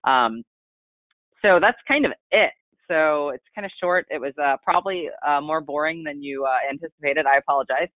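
A man's voice: fairly high pitch, normal speed, no room sound. Man presenting over a tinny phone line. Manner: chatty, rambling, self-described monotone. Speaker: product trainer. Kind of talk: casual webinar presentation. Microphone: conference call line.

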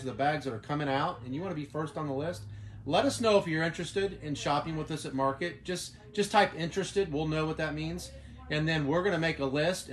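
A man on a live shopping stream, his voice a little high for a man, making an upbeat announcement. He repeats himself and addresses viewers directly as "guys". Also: a little hiss or hum.

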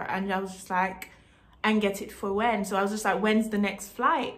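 A woman's voice: medium pitch, flat delivery, normal speed, a bit bright. A woman from Jamaica telling a casual storytime vlog story, emphatic, repeating herself and laughing between lines. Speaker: vlogger.

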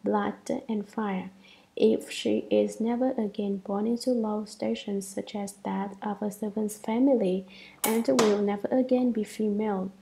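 A devout young woman pleads solemnly as she makes her vow, read by a woman. The voice is gravelly, with a mellow, dark warmth. Her manner stays earnest and reverent. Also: medium pitch, steady tone, a little slow, a little hiss or hum, rough recording. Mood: solemn pleading.

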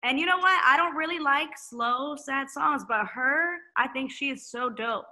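A woman with a bright, crisp voice talks as a podcast guest. She speaks frankly and with energy and swears casually. She sounds open and unguarded. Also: sits high, unhurried. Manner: candid, animated, swears freely. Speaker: singer-songwriter guest. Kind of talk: casual chat.

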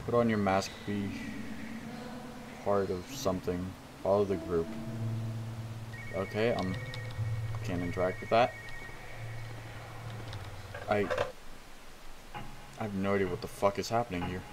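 A man's voice: deep voice, fairly even intonation, measured pace, pauses often, background noise. A man hosting a let's play of a horror game, with jittery, profane, self-mocking commentary. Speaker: gaming video host.

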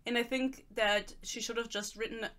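A woman's voice: on the high side, steady tone, moderate pace, a bit bright. A young woman from Germany, ranting sarcastically in casual chat as she reviews a book. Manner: sarcastic, ranting, reads excerpts aloud. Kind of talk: casual rant.

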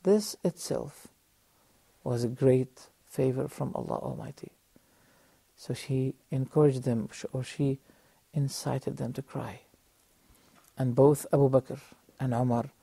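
A man in middle age delivers a religious lesson in a dark, mellow voice at an everyday pitch. He speaks earnestly and in measured phrases, pausing often and turning to the audience with questions. The sound is dry and close, as in a TV studio. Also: fairly even intonation, creaky, husky, no echo. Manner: addresses the audience directly. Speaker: religious teacher and TV presenter.

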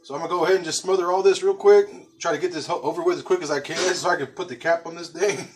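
Coughing from the pepper rub, a man hosting a barbecue vlog beside his smoker outdoors keeps up chatty, folksy talk, calling his viewers folks and y'all. He speaks at a racing pace in a fairly high voice, and a little hiss or hum can be heard.

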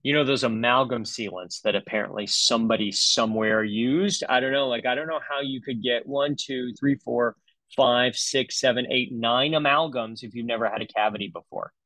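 A man's voice: mid-range voice, normal speed, bright, forceful tone, no echo, poor audio. A middle-aged man, a dentist, giving a comedic webinar talk in a sarcastic, joking way with loose fillers.

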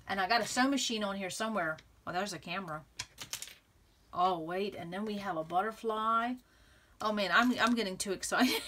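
A woman hosting a scrapbooking video, chatting excitedly and thinking aloud as she arranges papers, laughing often. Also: mid-range voice. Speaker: scrapbooking channel host. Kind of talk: casual crafting tutorial chat.

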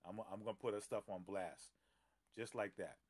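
A man's voice: fairly low pitch, moderate pace. Chatty pastor greeting his live-stream viewers. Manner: chatty, greets viewers by name, many fillers and laughs. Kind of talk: casual live-stream chat before a Bible teaching. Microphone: phone live stream.

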